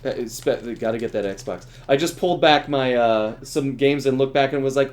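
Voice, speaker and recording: A man's voice: medium pitch, moderate pace. A middle-aged man who voices game characters, chatting casually while playing a game, laughing often and trailing off mid-sentence. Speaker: streamer and voice actor.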